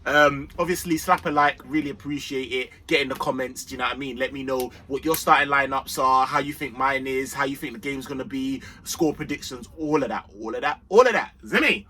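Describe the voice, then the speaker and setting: A man hosting a fan channel's football match preview, chatty and energetic, full of street slang. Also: medium pitch, fairly quick, hardly any pauses, a little hiss or hum. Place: outdoors in sunshine.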